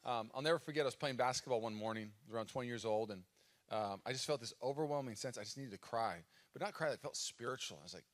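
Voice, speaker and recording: Talking quickly in a mid-range voice, a thirtysomething American pastor delivers a live sermon into a stage mic in a church auditorium. He tells stories with animation, acting out his own cries for dramatic effect.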